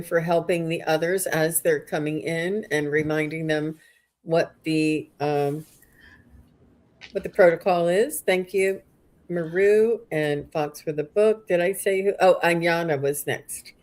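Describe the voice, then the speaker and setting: A chatty woman with a fairly low voice hosts a casual livestream card reading. She gushes over each card and trips over viewers' names as she goes. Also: unhurried. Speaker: host, psychic card reader.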